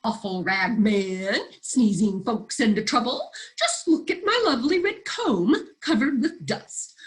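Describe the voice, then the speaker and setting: A woman's voice: on the high side, expressive, measured pace. A woman voicing a vain, fussy rooster who complains in a crowing, aggrieved voice in a read-aloud storybook.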